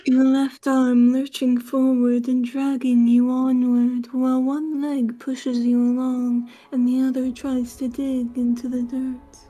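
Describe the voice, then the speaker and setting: Sex: woman. Role: measured narrator, high and dark. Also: flat delivery, poor audio. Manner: measured, with laughs between lines. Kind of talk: live reading narration.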